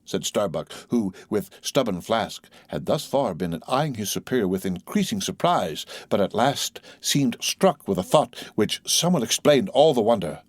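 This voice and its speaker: A man reading a classic novel aloud as an audiobook narrator, in measured storytelling. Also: lowish voice, big pitch swings, no echo, studio quality. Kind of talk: scripted narration.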